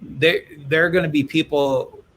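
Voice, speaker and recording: Bright-voiced man hosting a live interview. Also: on the high side, steady tone, moderate pace. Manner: reads viewer questions aloud, rephrases them. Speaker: host.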